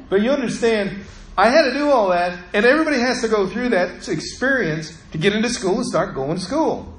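Middle-aged guy preaching, tells a story like he's chatting, slightly high voice, faint hum behind. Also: very animated, brisk, reverberant, rough recording. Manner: conversational storytelling, acts out quoted voices. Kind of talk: sermon with personal story.

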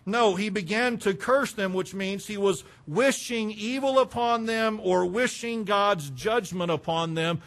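A man preaching a sermon, fervent and emphatic, breaking into loud bursts. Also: sits high, measured pace, hardly any pauses.

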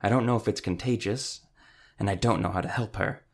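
A man's voice: fairly low pitch, brisk, husky. A man reading an audiobook, voicing a blunt male doctor who growls his words. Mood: gruff.

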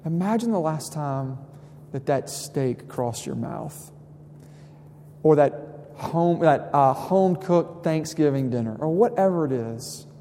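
A young man preaches a conversational sermon, and his slightly high voice rings out through a church sanctuary. He swings between soft, quiet asides and rising emphasis, and a long reverb trails behind his words. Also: expressive, a little slow, a little hiss or hum. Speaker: pastor.

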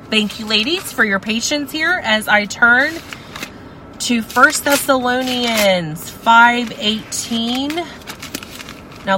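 Woman teaching bible study to ladies, super passionate, slow and bright. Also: mid-range voice, a little hiss or hum, low-quality recording. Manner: passionate, exclamatory.

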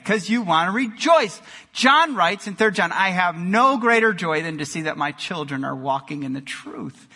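A male pastor delivering an energetic sermon in a church, moving between loud exclamations and quiet emphasis. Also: high voice, moderate pace. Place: church sanctuary. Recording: long hall reverb.

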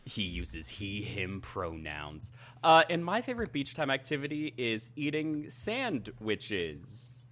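A man playing a tabletop role-play, jokey and trailing off into low asides. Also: very animated, slow pace, a bit bright. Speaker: player. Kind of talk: casual tabletop banter.

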